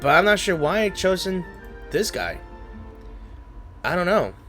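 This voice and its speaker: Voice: medium pitch, very animated, a little slow, fairly bright tone, faint music behind. A gaming host commenting on a story game in a casual, rambling, unsure way, often trailing off and restarting thoughts, emotional and close to tears. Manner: emotional, says they feel like crying.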